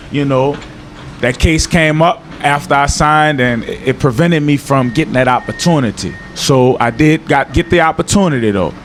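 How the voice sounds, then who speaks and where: A man's voice: fairly bright tone, slight background noise. Young New Orleans man, laid-back and slangy. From New Orleans, Louisiana. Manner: laid-back slangy talk, drops into a low earnest tone. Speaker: interview guest. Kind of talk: casual interview chat. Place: outdoors in Miami.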